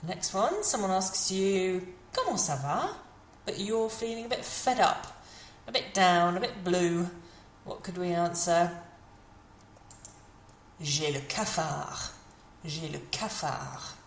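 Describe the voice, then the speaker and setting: A woman, teaching beginners French idioms and repeating each phrase slowly. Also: mid-range voice, expressive, reverberant, a little hiss or hum. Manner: slow, carefully modelled French phrases between English explanations. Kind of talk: beginner language lesson.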